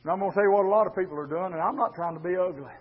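A man's voice: high-pitched, rapid-fire, breathy edge. A man preaching a fervent, rhythmic sermon and calling out to his congregation. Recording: dull lo-fi sermon recording.

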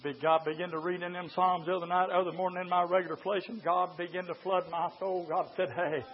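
An older man with a drawl preaches in a church, his voice sitting high. He drops to a hush, then climbs into fervent shouting. The recording is dull and lo-fi. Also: flat delivery, fast talker, slightly rough. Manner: impassioned, swings from hushed to shouting. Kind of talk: sermon.

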